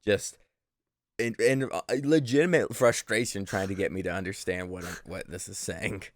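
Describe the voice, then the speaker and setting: A young man co-hosting a podcast, rambling through casual chat in an animated, sweary way. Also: deep voice, normal speed, no echo, studio quality. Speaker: podcast co-host. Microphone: studio microphone.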